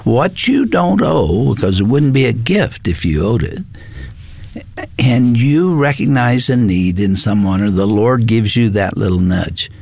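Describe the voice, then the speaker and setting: A male talk show host speaking in a measured, reflective way while interviewing a guest. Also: mid-range voice, animated, gravelly, darkish tone, no room sound. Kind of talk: interview conversation.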